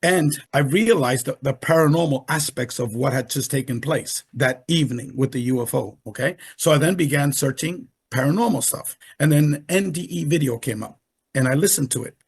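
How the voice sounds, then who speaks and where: A man's voice: medium pitch, normal speed, husky. An older man, a retired professional, recounting his experiences as an interview guest on a video call, emphatic and repeating himself often. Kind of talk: animated storytelling in conversation.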